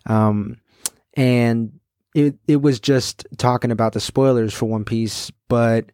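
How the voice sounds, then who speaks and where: Excited man hosting a solo podcast. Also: medium pitch, dry recording, studio quality. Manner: excited, loose, full of fillers and quoted asides. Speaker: podcast host. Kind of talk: casual solo podcast chat.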